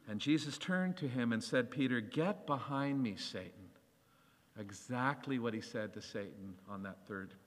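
A man preaching a sermon, animated and acting out the voices of scripture as he reads. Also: medium pitch, moderate pace, big-room sound.

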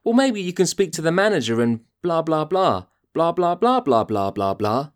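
A man's voice: fairly high pitch, sing-song, normal speed, pitched above the performer's own voice. Casting note: man doing a fumbling male actor, raised and whiny, flustered excuses, mocking send-up. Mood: dismissive.

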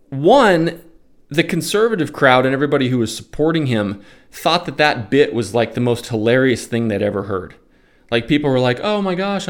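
A man talking in a casual, opinionated rant, exasperated and sarcastic, then calling out live stock trades. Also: mid-range voice. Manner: opinionated, exasperated, sarcastic, with mocking put-on voices. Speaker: stock day trader and commentator. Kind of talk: casual ranting monologue.

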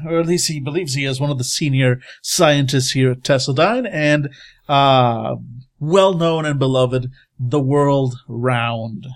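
Playful man introducing a scientist character. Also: medium pitch. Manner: playful and halting, with repeated words. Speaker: tabletop role-play player.

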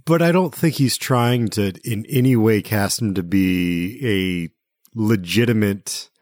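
A man hosting a casual film discussion podcast, talking in a relaxed, hesitant way with many fillers. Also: on the low side, a little slow, dry recording, studio quality. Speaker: podcast host.

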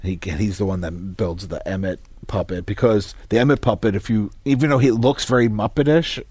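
A man co-hosting a podcast, talking in a relaxed, conversational way with some restarts. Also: on the low side, fairly quick, husky, dry recording. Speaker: podcast co-host. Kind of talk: casual chat.

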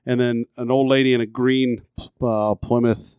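Male co-host, average pitch, halting, detail-focused. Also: flat delivery, a little mellow, smooth, no room sound, studio quality. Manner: adds details, hesitant, searching for words. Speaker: podcast co-host. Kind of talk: casual movie review chat.

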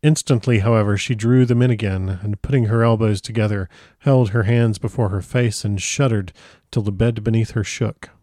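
A man reading a novel aloud in an unhurried, dramatic manner. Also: fairly low pitch, steady tone, warm tone, no room sound, studio quality. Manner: unhurried dramatic reading, stumbles and comments aside. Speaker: audiobook reader.

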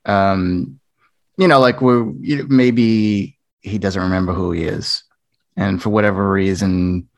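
A man co-hosting a casual panel chat, relaxed and rambling with many fillers. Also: low voice, measured pace. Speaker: podcast co-host.

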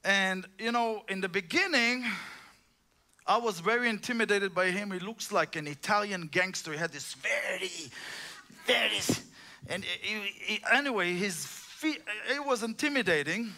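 Male preacher, informal sermon, impassioned and rambling, piercing bright tone. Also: sits high, normal speed. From Israel. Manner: impassioned, rambling with restarts and asides.

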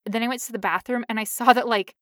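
A young woman telling a long story in casual chat, animated and acting out quotes in high voices. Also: very fast, no echo, studio quality.

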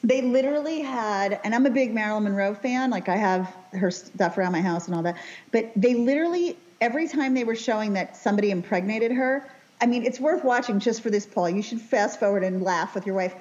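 A woman's voice: medium pitch, a little fast, darkish tone, dull audio. A woman co-hosting a casual local show, telling stories with a laugh and acting out quotes. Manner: chatty, laughing storyteller who acts out quotes. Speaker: co-host. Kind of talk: casual chat.

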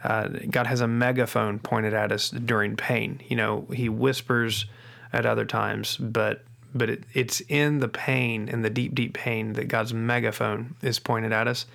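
A middle-aged man hosting a faith-based parenting podcast, speaking earnestly, repeating key phrases slowly for emphasis and often restarting his sentences. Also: mid-range voice, little pitch movement, creaky, a bit bright. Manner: frequent restarts and doubled words. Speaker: podcast host.

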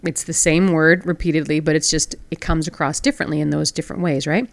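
A woman's voice: lowish voice, no room sound. A woman, hosting a solo podcast in a conversational way and asking the listener questions. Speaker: podcast host.

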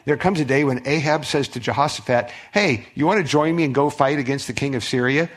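A middle-aged male pastor preaching a sermon, telling a story with conversational restarts, swinging from loud outbursts to hushed asides. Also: mid-range voice, brisk. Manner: conversational, repeats words and restarts.

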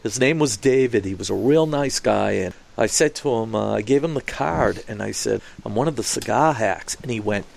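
A man's voice: fairly low pitch, moderate pace, creaky, hardly any pauses. A man co-hosting a podcast, telling a casual story and acting out the people he quotes. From Boston. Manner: animated, acts out quoted voices. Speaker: podcast co-host.

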